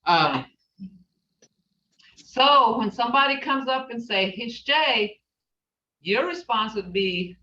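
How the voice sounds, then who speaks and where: A woman language teacher in a recorded class, patiently repeating words slowly so her students can copy them. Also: medium pitch, sharp tone. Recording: roomy, distant, muffled class recording.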